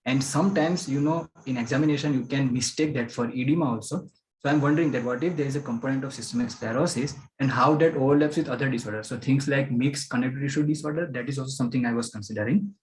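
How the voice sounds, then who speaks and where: A man's voice: medium pitch, darkish tone, low-quality recording. A man thinking aloud through possible diagnoses in a case discussion, often saying "you know". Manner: rapid, with frequent "you know" fillers.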